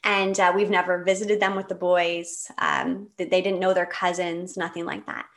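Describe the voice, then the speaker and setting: A woman in her late thirties from Canada, a guest telling a personal story in a candid, animated way, with laughs and restarts. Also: fairly low pitch, moderate pace. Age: 30s.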